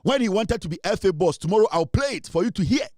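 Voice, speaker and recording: A man's voice: high-pitched, expressive, fast talker, darkish tone, dry recording, clean studio sound. A Ghanaian man hosting a sports talk show, ranting angrily and mixing in Twi. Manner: angry, indignant, switching between English and Twi. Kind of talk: ranting commentary.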